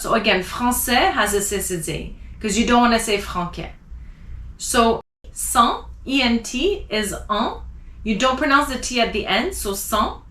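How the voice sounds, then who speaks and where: A woman teaching a language class who spells out letters and repeats example words slowly and deliberately. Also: on the high side, a bit bright. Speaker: French teacher. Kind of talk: slow pronunciation lesson. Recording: echoey room.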